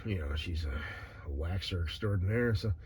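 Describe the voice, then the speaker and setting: A man's voice: deep voice, moderate pace, a little mellow, slight background noise. A man vlogging in a casual, rambling monologue, cursing freely and padding his talk with "you know" and sighs. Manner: meandering, profane, full of "you know" fillers and sighs.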